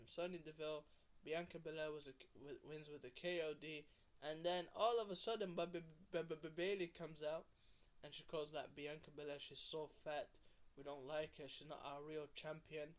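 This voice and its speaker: A man's voice: a little high, fairly even intonation, normal speed, fairly bright tone. A man giving a casual, rambling recap of a wrestling episode. He talks with lots of fillers and restarts, and he briefly changes his voice when he quotes people. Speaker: wrestling show reviewer.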